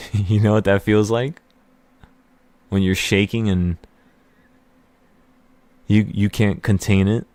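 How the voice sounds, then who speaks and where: A low-pitched man pours out an emotional motivational monologue, rambling and stumbling over his words as his excitement spills over. The recording is dry and close, with no room sound. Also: takes it slowly, long pauses, no room sound. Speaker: trading channel host.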